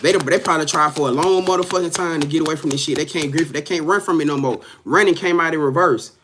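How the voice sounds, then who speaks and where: A man does a casual live-stream tarot reading, talking straight to his viewers in a profane, emphatic way, repeating himself and laughing often. His voice is fairly high and a bit bright, he speaks fast, and there's a little hiss or hum.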